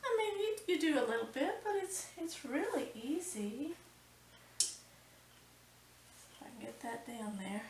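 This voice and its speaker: A woman's voice: sits high, expressive, unhurried, pauses often, echoey room, far from the mic, slight background noise, poor audio. A woman hosting a cooking channel, talking through a recipe step by step and exclaiming with delight.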